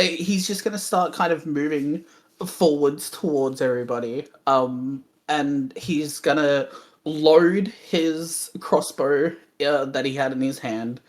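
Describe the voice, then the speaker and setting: A low-voiced woman talks through her turn in a tabletop game, slow and unhurried. She swears freely and fills her pauses with many hesitations. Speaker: player. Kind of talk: casual chat at a tabletop game.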